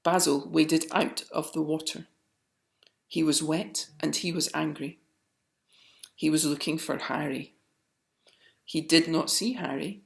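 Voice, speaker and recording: A woman reading a picture book aloud, slowly and expressively. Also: low voice, gravelly. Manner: slow and expressive. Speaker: storyteller. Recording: roomy echo.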